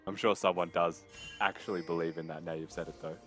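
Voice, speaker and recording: Low-voiced male analyst commentator. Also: steady tone, fast talker, fairly bright tone, faint music behind. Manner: thoughtful, laughs easily. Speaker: esports color commentator.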